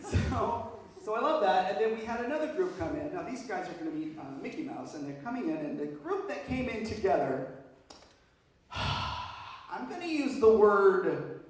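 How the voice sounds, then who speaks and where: A man's voice: high-pitched, normal speed, very echoey, distant mic, slight background noise, low-quality recording. A man doing stand-up, telling stories with lots of energy and laughing through them. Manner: animated, laughing through his own stories. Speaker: stand-up comedian. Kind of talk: stand-up storytelling.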